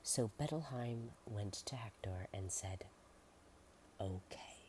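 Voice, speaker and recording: Slow, mellow soft-spoken ASMR reader. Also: mid-range voice, animated, a little hiss or hum. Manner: hushed, drifting into whispers, playful asides. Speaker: ASMR book narrator.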